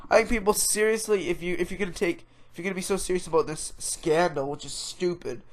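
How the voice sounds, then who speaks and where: A man's voice: high-pitched, steady tone, fast. A man with a stuffed-up nose hosting a podcast, ranting in an exasperated, rambling way about online drama. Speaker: podcast host. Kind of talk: casual ranting commentary.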